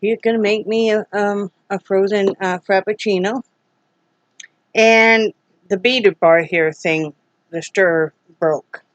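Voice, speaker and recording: A woman from Iowa talks to her viewers in a loose, rambling way, as if chatting with friends. Her voice sits at an ordinary middle pitch. The home recording sounds a little dull and lo-fi. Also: fairly even intonation, takes it slowly, dry recording. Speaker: vlogger. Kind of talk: casual chat to camera.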